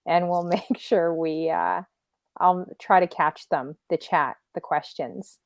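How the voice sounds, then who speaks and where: A woman with a Canadian accent hosting a casual livestreamed interview, chatty and quick to laugh. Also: lowish voice, fairly even intonation, no echo. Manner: chatty, laughs easily, reads chat aloud. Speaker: talk show host.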